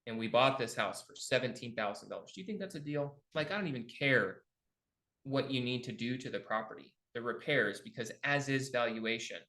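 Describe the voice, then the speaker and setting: A man's voice: medium pitch, bright, forceful tone. A middle-aged man coaching a live online class on real estate investing, telling stories and acting out both sides of his phone calls. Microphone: video call.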